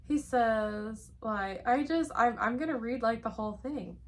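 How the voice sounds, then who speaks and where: A woman's voice: a little high, unhurried, a little hiss or hum. A woman reviewing a book she loves in a casual chat, gushing and rambling with plenty of "like" fillers.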